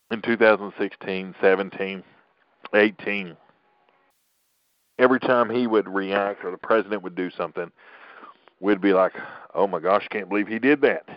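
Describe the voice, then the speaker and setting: A man's voice: lowish voice, no echo, lo-fi sound. A middle-aged man hosting a political podcast, talking in an opinionated, rambling way with frequent restarts. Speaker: podcast host.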